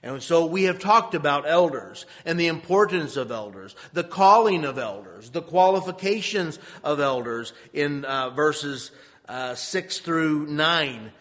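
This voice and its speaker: Male pastor with an unhurried, measured delivery, recorded with long echo in a sanctuary. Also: on the high side, animated, a bit bright. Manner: measured, deliberate scripture reading that turns conversational. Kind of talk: sermon. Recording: long reverb of a church hall.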